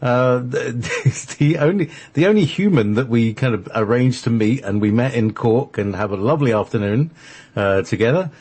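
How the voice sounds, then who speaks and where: A man's voice: medium pitch, normal speed, a little mellow, breathy edge. A man from Scotland hosting a spiritual internet radio show, chatting casually and rambling with many fillers and restarts. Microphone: online call.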